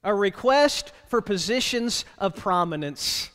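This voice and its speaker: High-voiced pastor preaching in a reverberant hall. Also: male voice, animated, a little slow, a bit bright, clear, resonant tone. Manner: conversational, with rhetorical questions to the congregation; plainspoken and wry. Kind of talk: sermon. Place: church sanctuary.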